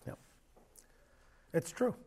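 A man's voice: slow pace, a little mellow, a little hiss or hum. A man preaching a sermon as pastor in a church, conversational and joking with emphatic bursts.

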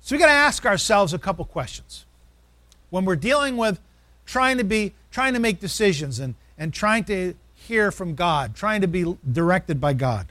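A pastor preaching a sermon, quizzing the congregation, reading scripture slowly and acting out quotes with a rising voice. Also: male voice, high-pitched, a bit bright, dry recording.

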